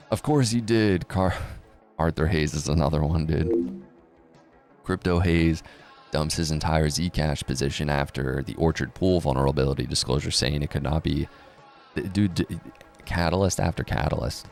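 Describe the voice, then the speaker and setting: A man's voice: very deep voice, darkish tone. A man giving casual, profane, sarcastic commentary, often mocking others by putting on voices. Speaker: crypto news commentator.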